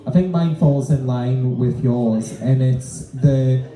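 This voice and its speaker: A man's voice: medium pitch, slow pace, warm tone. A man co-hosting a live podcast in a bar on a handheld mic, cheeky and sweary. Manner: cheeky, swearing, mock threats. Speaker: co-host, drag performer. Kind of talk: casual live podcast chat. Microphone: handheld microphone. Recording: echoey bar room.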